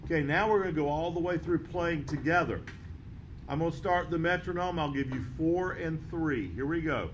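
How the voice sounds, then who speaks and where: A man teaching a band lesson, counting beats aloud and explaining rhythm in a steady, patient way. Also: a little high, normal speed, lo-fi sound, slight background noise. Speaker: music teacher.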